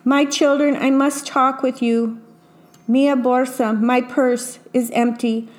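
A woman's voice: high voice, little pitch movement, slow pace. A woman voicing a kindly old grandmother witch who talks in a motherly way. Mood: tender.

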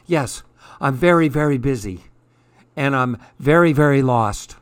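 A man voicing a fussy, self-important male pigeon who talks in a brisk, huffy, impatient way. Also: medium pitch, expressive, clear, resonant tone, dry recording, close to an everyday voice.

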